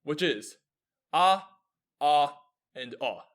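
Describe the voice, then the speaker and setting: A man's voice: on the high side, lively intonation, drawn-out words, a bit bright. A young man in his twenties hosting his own show, giving a scripted explanatory monologue, earnest and posing rhetorical questions that he then answers. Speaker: show host.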